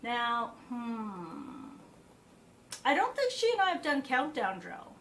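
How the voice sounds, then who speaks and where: A piano teacher talks casually through a practice session in her home practice room, thinking aloud with fillers and asides. Her voice is on the high side with wildly swooping pitch, slow delivery and vocal fry. The room sounds roomy, with faint background noise.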